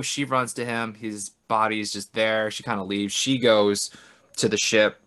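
A man's voice: fairly low pitch, flat delivery, normal speed, fairly bright tone, smooth. Loose, swearing man recapping a film. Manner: loose and profane, acts out characters' lines. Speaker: podcast co-host. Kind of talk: casual film recap chat.

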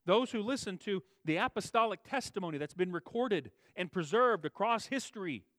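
Emphatic higher-voiced male preacher. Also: no echo. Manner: emphatic, swings between raised stresses and quiet low asides; repeats and restates phrases for emphasis. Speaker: pastor. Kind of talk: sermon.

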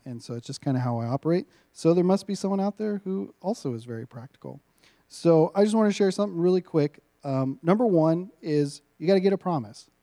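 A man's voice: fairly high pitch, warm tone. A man in his thirties preaching as a guest speaker, informal and self-mocking, with frequent laughs between lines. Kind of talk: sermon.

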